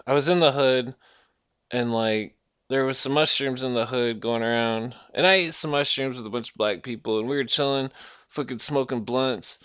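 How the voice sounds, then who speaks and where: A man's voice: mid-range voice, a bit bright, smooth, no echo, studio quality. A man rambling through a profane rant at home, swearing constantly, trailing off and restarting his sentences. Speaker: vlogger ranting to camera.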